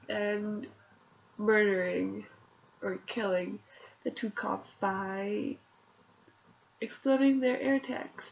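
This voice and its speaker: A woman's voice: mid-range voice, dull audio. A woman who is sick with a runny nose, casually retelling book chapters in a chatty, rambling way with little laughs. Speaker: book reviewer recapping chapters. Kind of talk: casual spoken book summary.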